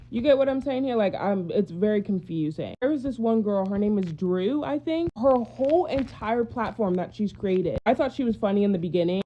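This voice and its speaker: Exasperated woman ranting, lots of rhetorical questions, mellow voice, muffled lo-fi audio. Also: mid-range voice, a little hiss or hum. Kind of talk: ranting to camera.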